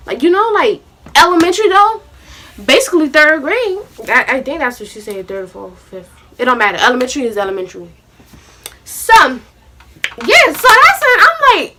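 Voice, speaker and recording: High, animated young woman telling a story. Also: normal speed, a little hiss or hum. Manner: animated storytelling, voicing both sides of an argument. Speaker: vlogger. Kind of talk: storytime vlog.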